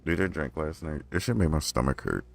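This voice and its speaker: A young man with a very deep, gravelly voice rambles on while he plays a game on stream. His talk is profane and loose, and his pitch swings a lot as he chats to himself. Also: lively intonation, fairly quick, soft background music. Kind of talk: casual livestream chat while playing a game.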